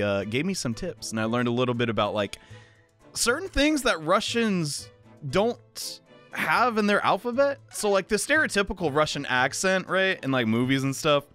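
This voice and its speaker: A young man chats through a game playthrough, excitable and joking. His voice is bright and animated. Faint music plays under him. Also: fairly high pitch. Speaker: let's play host. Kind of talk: casual gameplay commentary.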